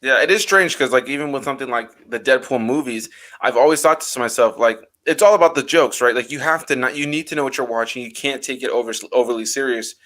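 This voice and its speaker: A man hosting a relaxed conversation, talking in long winding stretches full of ums and likes. His voice is bright and forward, at an ordinary middle pitch. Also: fast talker. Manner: rambling, animated, many fillers. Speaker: host. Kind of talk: casual chat.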